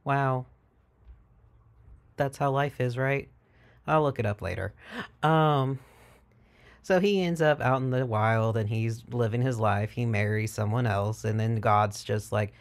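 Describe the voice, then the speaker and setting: A man's voice: mid-range voice, measured pace, vocal fry. A man vlogging in a casual, irreverent and profane way, retelling stories and slipping into mock voices. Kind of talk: casual chat.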